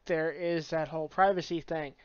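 A stiff, rule-bound male telepath, quoted by a book reviewer, lecturing in a formal tone. The voice is smooth and clear. It is recorded close and dry with a slightly dull sound. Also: mid-range voice, steady tone, normal speed, no echo, lightly acted. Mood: stern.

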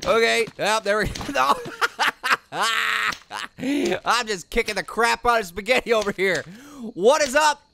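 A man doing a shrill, gravelly cartoon fruit gamer. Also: takes it slowly, slight background noise, heavily acted. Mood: puzzled. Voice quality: high, gravelly voice. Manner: excitable, yelps and shrieks at scares, repeats himself. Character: hyper, wisecracking cartoon fruit gamer, male. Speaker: let's play commentator. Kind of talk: let's play commentary.

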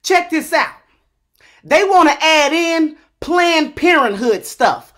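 Speaking slowly and expressively, a high-voiced man from the United States rants about politics straight to camera as an online commentator. He sounds exasperated, keeps asking the same rhetorical questions, addresses viewers as "y'all," and grows emphatic to the point of occasional shouting.

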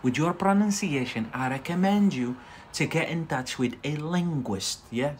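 A man's voice: fairly high pitch, normal speed, a little hiss or hum. A man with a Scottish accent teaching English words on a live stream, chatty and checking in with frequent tag questions.

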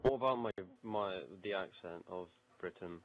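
A man's voice: sits low, normal speed, poor audio. A man in a casual gaming chat, blunt and teasing, giving short replies over a headset. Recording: clear gunfire from the game behind.

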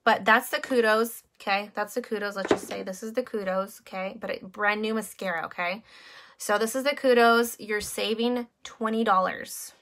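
A woman's voice: medium pitch, steady tone, moderate pace, a bit bright. A woman in her thirties chatting casually on a live stream while showing makeup, with many fillers. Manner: chatty, greets viewers by name, many fillers.

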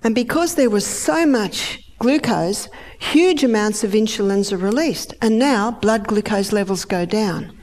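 A middle-aged woman giving a lively health lecture, acting out the body's organs in high, excited voices. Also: measured pace.

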